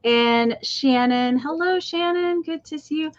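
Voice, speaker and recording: A woman's voice: high voice, unhurried, dull audio. A woman hosting a live online sale, chatting casually and greeting viewers one by one. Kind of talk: casual livestream chat.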